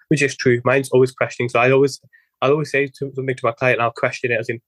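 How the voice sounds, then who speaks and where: A man's voice: medium pitch, flat delivery, a bit bright, no room sound. A young man talking as a guest physiotherapist in a podcast interview, rambling with many restarts and quoting his own past thoughts. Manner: rambling, quick, many restarts and quoted self-talk.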